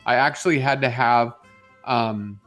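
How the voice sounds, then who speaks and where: A man's voice: medium pitch, measured pace, fairly bright tone, faint music behind. Man retelling customer-service stories. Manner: recounts work stories, acts out dialogue. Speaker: co-host. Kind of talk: casual chat.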